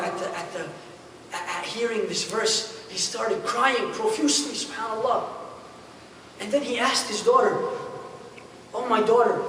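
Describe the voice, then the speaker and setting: A high-voiced man gives a lively storytelling sermon, slipping into the voices of his characters with casual slang. He sounds far from the mic, his words ringing through a big hall with a long reverb and a faint hiss underneath. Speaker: imam. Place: mosque hall.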